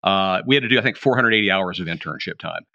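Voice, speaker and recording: A man's voice: deep voice, quick pace, creaky, no echo, muffled recording. A middle-aged man from the Appalachian edge of Pennsylvania, a podcast guest telling rambling stories and correcting himself as he goes. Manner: rambling, self-correcting, animated storyteller. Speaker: podcast guest, retired drug agent. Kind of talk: casual storytelling interview.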